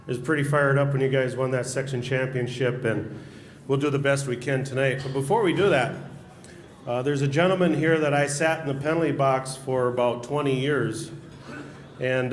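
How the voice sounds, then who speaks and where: A man's voice: medium pitch, normal speed. A middle-aged man with an Upper Midwest American accent, a former hockey announcer telling funny stories at a banquet. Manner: joking anecdotal storyteller. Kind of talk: storytelling speech at a banquet. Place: banquet hall at a social event. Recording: echoey hall, faint room noise.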